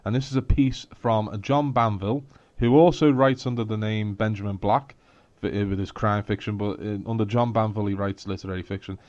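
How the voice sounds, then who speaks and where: A blunt, fairly low-voiced man with a Scouse accent, chatting as a podcast co-host and often breaking into laughter. His voice sits dry and close, with a slightly dull, muffled tone. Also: fairly even intonation, brisk, few pauses, a little mellow, no echo. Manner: blunt, laughing, sweary asides. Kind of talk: casual chat.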